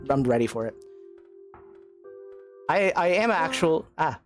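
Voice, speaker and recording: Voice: mid-range voice, animated, unhurried, dry recording. A young adult game streamer in casual let's-play chat, self-mocking, often stammering and swearing. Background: faint game music.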